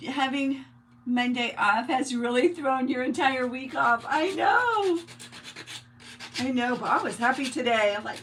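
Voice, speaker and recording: A woman from New York hosts a relaxed craft livestream, chatting and greeting viewers by name as she works. Her voice sits a little high and she takes her time with every phrase. A faint hiss runs under the recording. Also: unhurried. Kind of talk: casual live-stream chat while crafting.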